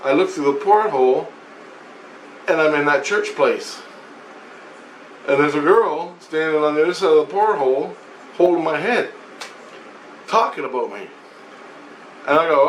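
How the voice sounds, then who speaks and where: A man's voice: on the high side, lively intonation, normal speed, long pauses. Guy rambling through a weird vision story, swears a lot, keeps restarting, echoey room. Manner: rambling, profane, many restarts and repetitions. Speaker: vlogger. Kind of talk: casual storytelling. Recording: roomy echo, faint background noise.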